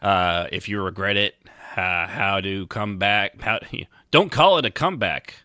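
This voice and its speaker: A man's voice: deep voice, unhurried, sharp tone, smooth, no room sound, clean studio sound. A man co-hosting a podcast in casual chat, joking and sarcastic, laughing often. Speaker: podcast co-host.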